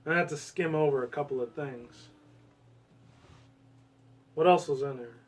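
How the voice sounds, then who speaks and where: A man giving casual gaming commentary in a rambling way, swearing often and breaking into excited bursts, with a US West Coast accent. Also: mid-range voice, a little slow, distant mic.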